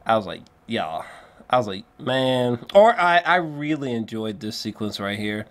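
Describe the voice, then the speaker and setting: A man giving a casual spoken film review, rambling and excitable, with lots of fillers and restarts and free swearing. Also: lowish voice, fairly quick. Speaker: movie reviewer.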